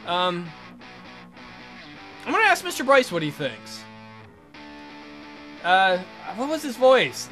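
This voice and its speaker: A man's voice: high voice, wildly swooping pitch, slow, pauses often, bright, forceful tone, faint music behind. A man hosting a let's play, reading a text game aloud and chatting casually, swearing and tripping over words.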